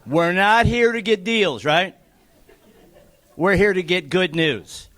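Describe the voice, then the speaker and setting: A man running a live charity auction, teasing the crowd and calling bids quickly. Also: sits high, fairly bright tone. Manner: joking, teasing, rapid bid calling.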